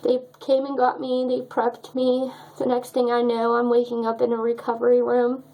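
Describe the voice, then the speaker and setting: A woman's voice: on the high side, monotone, moderate pace, warm tone, low-quality recording. A young woman telling a personal story in a vlog, emotional and choked up as she talks. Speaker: vlogger.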